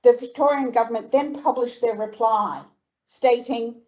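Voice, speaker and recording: An older woman with an Australian accent, reading a prepared speech at a commemorative event in a measured, earnest way and stressing each point of a list. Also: fairly high pitch, steady tone, dark tone, muffled recording. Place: museum function room.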